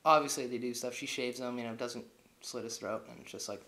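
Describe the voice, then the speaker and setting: A man's voice: medium pitch, fairly even intonation, fairly quick, bright, forceful tone. A young man casually recapping a movie plot, rambling and full of filler words. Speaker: movie reviewer. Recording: echoey room.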